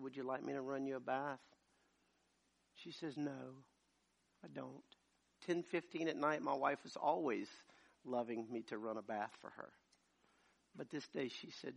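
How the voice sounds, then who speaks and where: A man preaching a sermon as pastor, moving from quiet storytelling to loud, shouted preaching. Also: mid-range voice, vocal fry. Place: church.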